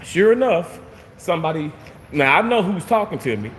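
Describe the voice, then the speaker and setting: A man casually venting to his viewers, animated and swearing freely, repeating himself for emphasis. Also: a little high, moderate pace, long reverb tail, a little hiss or hum. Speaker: vlogger reading live chat.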